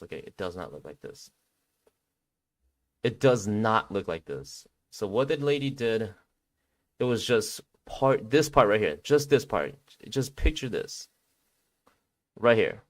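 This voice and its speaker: A young man telling a story in a casual, animated way, often checking in with "right?" and "okay?". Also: fairly low pitch.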